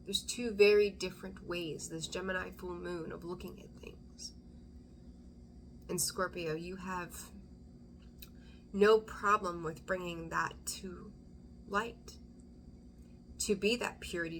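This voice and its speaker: Casting note: a woman tarot reader with a lowish voice, digressive and chatty, slipping into whispers. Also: fairly even intonation, slow, pauses often, fairly bright tone, slight background noise. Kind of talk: casual intuitive tarot reading.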